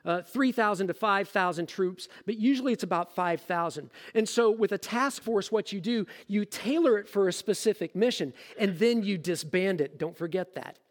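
High-voiced pastor preaching in a big hall. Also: male voice, normal speed, hardly any pauses. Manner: lively, casual and joking, explaining scripture. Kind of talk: sermon.

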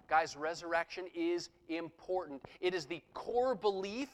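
Man, pastor, sermon, high-pitched voice, expository preaching. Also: lively intonation, unhurried, hardly any pauses, low-quality recording. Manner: expository preaching, rising intensity when reading scripture.

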